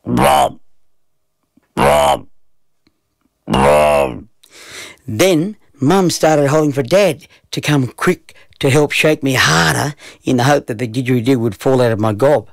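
Gravelly storyteller man. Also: medium pitch, normal speed, few pauses, no echo. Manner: lively, playful storyteller. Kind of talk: storytelling narration.

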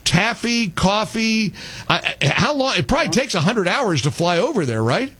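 Brief: middle-aged man, call-in radio host, animated and sarcastic. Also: high voice, moderate pace, husky. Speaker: radio talk show host.

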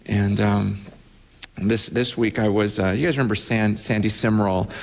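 A male pastor telling a story in a sermon, acting out the people he quotes with lively jumps in his voice. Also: moderate pace, creaky. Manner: animated, acts out quotes with big pitch jumps. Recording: long reverb of a large hall.

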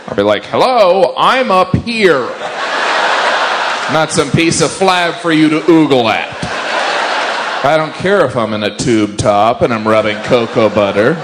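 A man's voice: medium pitch, lively intonation, moderate pace, noisy background. A man doing a self-mocking stand-up routine, slipping into quoted voices as he goes. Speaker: stand-up comedian.

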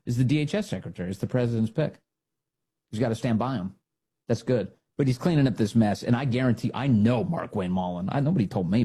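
A man hosting a talk radio show, giving animated, sarcastic and emphatic opinion commentary. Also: lowish voice, slightly rough.

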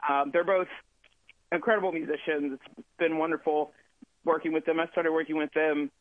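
A touring musician, male, chats casually as a phone interview guest, rambling and friendly with plenty of fillers. His voice is fairly high and flat, at a normal speed, and the tinny phone line sounds dry.

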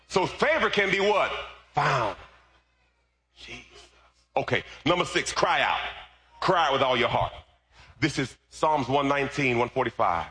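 A man pastor preaching a sermon, telling a story and then rising into shouted preaching. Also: mid-range voice, expressive, measured pace, pauses often, husky.

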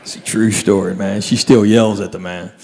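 A man doing a stand-up comedy set, telling stories with animated delivery and quiet low asides. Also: moderate pace, gravelly. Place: stage in a large hall. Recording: live hall, faint crowd. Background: faint audience and room noise.

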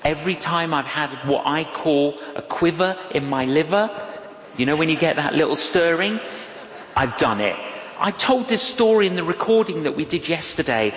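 A man's voice: a little high, moderate pace. A man preaching a storytelling sermon, dramatic and emphatic, repeating phrases for effect. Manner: animated, dramatic, emphatic repetitions. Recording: echoey hall with long reverb.

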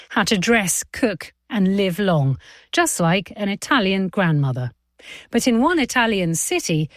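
Female news presenter, expressive pitch, scripted links, dry studio. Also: no echo. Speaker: radio presenter.

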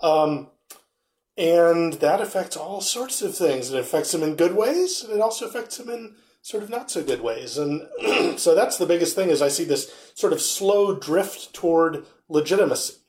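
A man's voice: on the high side, expressive, normal speed, a little mellow. A man in casual chat, thoughtful and a bit hesitant. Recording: roomy echo.

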